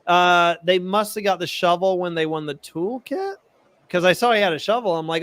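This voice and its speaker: A man co-hosting a podcast, talking in a casual, excitable, animated way. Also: sits high, normal speed, no echo. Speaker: podcast co-host. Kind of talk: casual chat.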